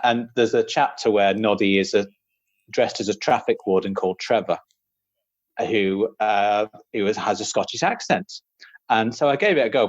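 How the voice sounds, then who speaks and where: A British man talking casually, rambling and poking fun at himself with frequent laughs. His voice is mid-pitched and dry, with a slightly muffled, lo-fi quality. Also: dry recording. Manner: rambling, self-deprecating, laughs often. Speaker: guest author. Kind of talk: casual podcast chat. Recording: slightly dull, lo-fi sound.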